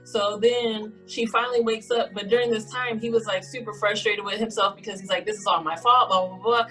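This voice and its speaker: A woman's voice: mid-range voice, steady tone, fairly quick, a bit bright, soft background music, low-quality recording. A woman co-hosting a casual podcast, retelling a story in a rambling way and briefly voicing the people she quotes. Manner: rambling, acts out quoted lines in brief voices. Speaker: podcast co-host.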